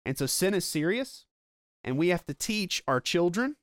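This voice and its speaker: Male pastor, earnest teaching sermon, slightly high voice, dry close recording. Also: very animated, no room sound. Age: adult with children. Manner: earnest, explanatory, slows down for emphasis.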